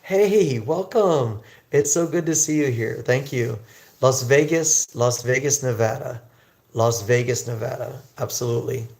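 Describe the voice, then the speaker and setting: A man teaching English on a livestream, chatting with viewers and slowly drilling pronunciation. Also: mid-range voice, steady tone, vocal fry. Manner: slow, drawn-out pronunciation drills.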